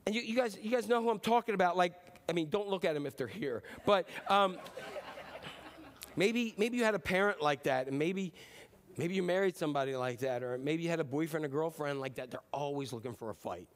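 High-voiced man in his fifties preaching. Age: 50s. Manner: conversational, jokey, acts out quick impressions. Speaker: pastor. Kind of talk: sermon.

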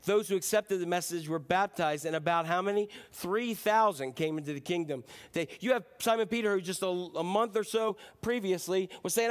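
Animated, conversational man preaching. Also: high-pitched, fairly quick. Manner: conversational, animated, acts out quotes in dropped voice. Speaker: pastor. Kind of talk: sermon.

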